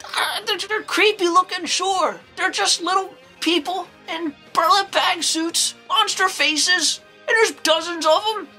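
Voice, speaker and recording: A woman playing an eccentric, excitable old nun who reviews horror movies, rambling along with folksy exclamations. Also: extremely high pitch, unhurried, hardly any pauses, faint music behind, exaggerated voice. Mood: rambling, amused. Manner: rambling, folksy exclamations, jumps into acted quotes. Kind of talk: in-character comedic movie review.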